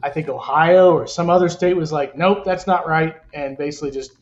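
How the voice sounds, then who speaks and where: A man explaining details plainly in a casual podcast chat. His voice is a little high, and the sound is dull and lo-fi. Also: brisk.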